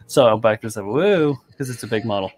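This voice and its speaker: A man's voice: medium pitch, slight background noise. A man hosting a casual hobby stream, chatting loosely and swearing offhandedly while he shows a model build. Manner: laid-back, rambling, swears casually. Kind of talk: casual chat on a group stream.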